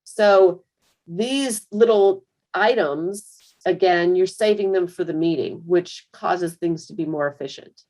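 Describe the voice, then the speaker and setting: A woman giving a conversational screen-share software tutorial for managers, full of fillers and restarts. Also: fairly low pitch, takes it slowly. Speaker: software trainer.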